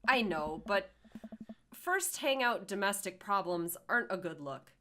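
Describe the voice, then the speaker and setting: A woman voicing a gentle suburban dad in a dating game, who talks in a warm, apologetic, eager way. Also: mid-range voice, expressive, measured pace, slight background noise.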